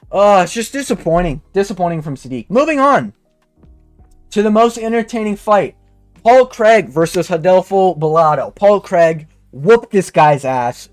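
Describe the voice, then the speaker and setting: A young man ranting with frustration and heavy swearing as he breaks down a fight card in casual chat. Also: high voice. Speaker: MMA commentator.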